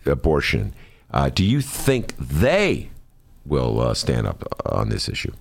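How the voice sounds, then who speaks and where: A male host's voice sits at the very bottom of the range, with a gravelly fry and lively swings in pitch. He presses his guests with probing questions, stalling on frequent fillers. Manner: probing, plays devil's advocate; halting, many uh fillers. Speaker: radio interview host. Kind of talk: political interview.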